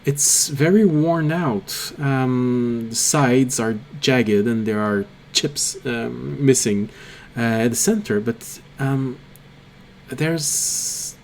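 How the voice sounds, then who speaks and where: A man's voice: mid-range voice, a little mellow, a little hiss or hum. A man narrating a tabletop game as game master, hesitant with many ums and uhs.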